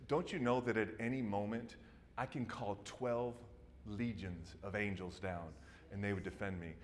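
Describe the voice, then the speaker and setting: Brief: man doing a stern, calm Jesus, low and hushed, firm rebuke, sermon retelling. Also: moderate pace, a little hiss or hum, close to an everyday voice.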